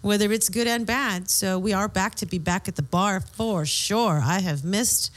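A woman's voice: medium pitch, normal speed. Chatty laughing woman podcast co-host. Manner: chatty, laughs easily, swears casually. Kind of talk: casual chat. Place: bar.

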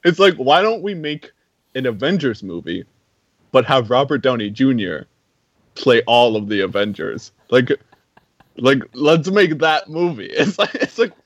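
A man's voice: mid-range voice, animated, a little slow, no room sound. A man talking casually about a film, full of "like" fillers and incredulous asides. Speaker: film podcast co-host.

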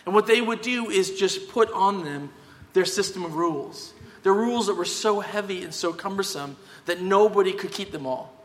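A man's voice: high-pitched, moderate pace, hardly any pauses. Emphatic male preacher in a reverberant hall. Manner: conversational, emphatic, tag questions. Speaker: pastor. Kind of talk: sermon.

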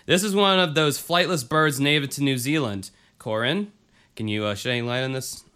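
A man's voice: medium pitch, moderate pace, sharp tone, clear, resonant tone. A man co-hosting a casual talk show, rambling and joking with lots of fillers and restarts. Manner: laid-back, jokey, swears casually. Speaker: podcast co-host. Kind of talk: casual chat.

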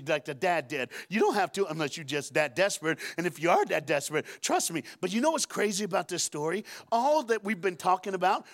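A man preaching a sermon in a church, storytelling with humor and acting out voices from the Bible. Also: fairly high pitch. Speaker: guest preacher. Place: church auditorium.

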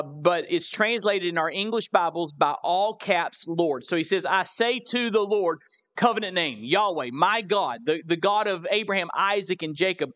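A man's voice: high voice, a bit bright. A man with a Southern US accent, a pastor preaching a sermon in a church, repeating key lines and putting questions to the congregation. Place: church sanctuary. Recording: live recording with long hall reverb.

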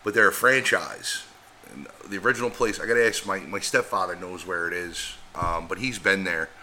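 A man's voice: low voice, moderate pace, sharp tone, a little hiss or hum. A man chatting on a podcast, chiming in with short remarks and rambling asides. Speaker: podcast co-host. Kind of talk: casual chat.

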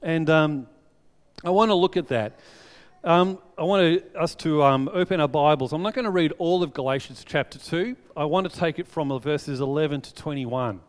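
Man preaching a sermon, casual and lively storyteller, fairly high voice, church hall reverb. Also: normal speed. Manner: chatty and animated, telling stories to the congregation. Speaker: pastor. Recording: long reverb of a large hall.

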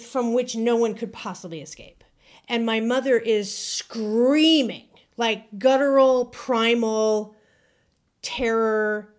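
A slightly high-voiced woman tells a story from her teens in a relaxed podcast chat. She rambles with fillers like "um" and "like", then builds toward the dramatic moments. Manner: chatty, many fillers, builds suspense. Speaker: podcast guest telling a story. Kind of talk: casual storytelling.

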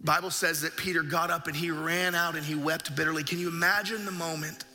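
Brief: emphatic male preacher, very bright tone, soft music under the sermon. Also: on the high side, fairly even intonation, fairly quick. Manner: vivid storytelling, emphatic. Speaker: pastor. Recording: echoey hall with faint music.

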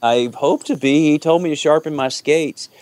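A man, an actor guest chatting in an interview, talking haltingly with lots of fillers and restarts. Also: a little high, darkish tone, no room sound. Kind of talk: casual interview chat.

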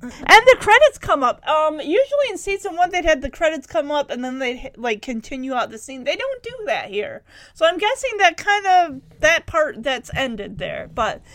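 A woman with a high, bouncy voice chats through a TV episode recap and review, giggling often and filling gaps with "like" and "you know." The sound is dry and close, with no room in it. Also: very animated, normal speed, a bit bright, no room sound. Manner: chatty, giggly, lots of fillers.

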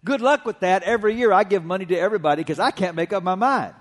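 A middle-aged pastor delivers a sermon in a higher-than-usual male voice. He talks in an easy, conversational way and slips humor into his stories. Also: lively intonation, fast talker. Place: church sanctuary.

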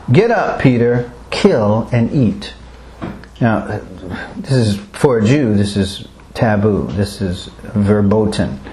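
A man's voice: mid-range voice, dark tone. A man leading a Bible study, asking the group questions and chuckling often as he explains. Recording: roomy echo, faint background noise.

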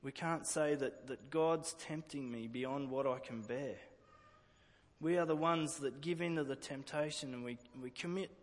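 A man's voice: medium pitch, a little slow, big-room sound. A man preaching a sermon earnestly, often repeating words as he restarts a phrase. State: emotional at times.

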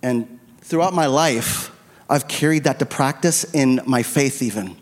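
Earnest middle-aged pastor in a reverberant hall. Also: male voice, mid-range voice, unhurried. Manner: earnest, confessional storytelling with quoted prayers. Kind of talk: sermon. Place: church sanctuary. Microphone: handheld microphone. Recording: long reverb of a church hall.

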